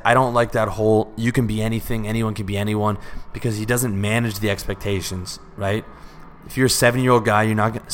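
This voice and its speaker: A man giving a casual spoken lesson on sales pitching, talking bluntly and conversationally and swearing freely. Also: fairly bright tone. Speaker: sales and self-improvement coach.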